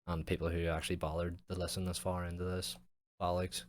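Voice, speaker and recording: A young man with a low voice talks casually on his podcast, rambling through a story with plenty of swearing and fillers. The sound is dry and close, with no room behind him. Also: monotone, brisk, no room sound. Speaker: podcast host. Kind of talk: casual chat.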